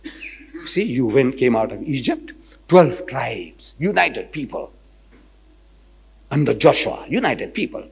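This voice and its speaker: A man telling a personal story in a lecture, animated and rhetorical, retelling conversations. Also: mid-range voice, slow pace, gravelly, long pauses, slightly rough, rough recording. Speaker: public speaker.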